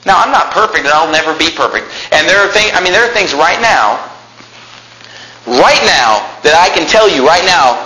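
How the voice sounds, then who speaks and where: A man preaching a sermon with emphatic rhetorical questions, sometimes shouting. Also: on the high side, sing-song, normal speed, reverberant, slight background noise, poor audio.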